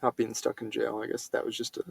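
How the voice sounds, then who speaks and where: A man's voice: mid-range voice, little pitch movement, fast, vocal fry, darkish tone, slightly rough. A man giving a casual spoken film review, rambling with many fillers and self-corrections.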